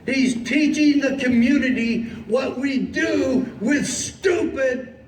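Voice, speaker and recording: A man with a high voice delivers a fiery, preachy outdoor speech, leaning hard on key words as he tells his story. His voice rings with echo and reaches the mic from some distance. A faint hum of noise sits underneath. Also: takes it slowly. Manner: impassioned storytelling, emphatic and preachy. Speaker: sheriff and political activist. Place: outdoors at a city hall.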